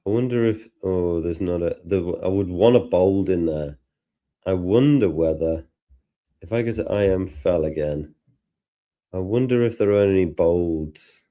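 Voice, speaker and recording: Low, slow-talking man with a Liverpool accent. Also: warm tone. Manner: chatty, thinks aloud while working. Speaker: tutor and host. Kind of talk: live software tutorial chat.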